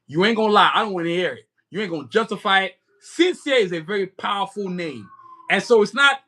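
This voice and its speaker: A man's voice: high-pitched, animated, fairly quick, bright, forceful tone. A man with an American accent touched by Nigerian, chatting loosely on a livestream in a slangy, rambling way. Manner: slangy, rambling, keeps saying "you know what I'm saying". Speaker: livestream host and comic creator. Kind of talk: casual livestream chat.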